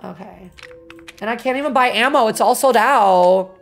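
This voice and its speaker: A woman streaming a video game, talking to her chat in an expressive, dramatic way and swearing freely. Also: a little high, normal speed. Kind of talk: casual gaming livestream chat. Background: faint game music.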